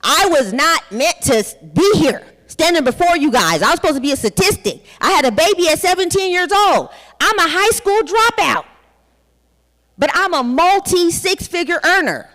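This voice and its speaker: Conference speaker: a woman in her forties with a high voice, blunt and profane, in a reverberant hall. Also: sing-song, moderate pace, a bit bright. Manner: candid, blunt, profane storytelling. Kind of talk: personal testimony talk.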